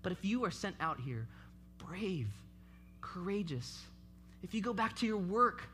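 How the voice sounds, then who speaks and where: Youth event preacher, bright ringing tone, impassioned, repeating exhortations, faint music underneath. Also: mid-range voice, sing-song, a little slow. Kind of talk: sermon.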